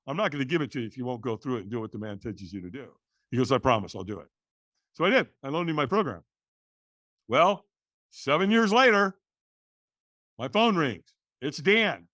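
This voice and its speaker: Animated middle-aged man telling a story. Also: mid-range voice, moderate pace, pauses often, no room sound, clean studio sound. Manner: animated, acts out voices in quotes, restarts words. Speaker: guest. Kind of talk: storytelling in a podcast interview.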